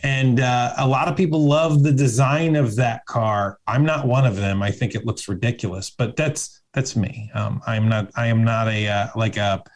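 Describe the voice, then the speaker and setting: A man's voice: mid-range voice, steady tone, moderate pace, hardly any pauses. A man hosting a movie podcast in casual, rambling chat with wry asides. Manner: rambling, lots of fillers, wry. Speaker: podcast host.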